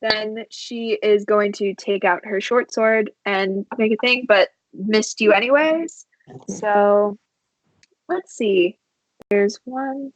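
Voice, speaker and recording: A woman narrating a tabletop game as game master, unhurried and halting, with many fillers. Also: mid-range voice, no echo, rough recording.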